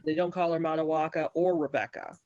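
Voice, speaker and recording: A guest on a podcast speaking in a fairly high voice over a muffled, lo-fi connection that sounds dry. He makes his points earnestly in short, firm sentences. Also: steady tone, fairly quick, darkish tone, no room sound. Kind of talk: casual chat.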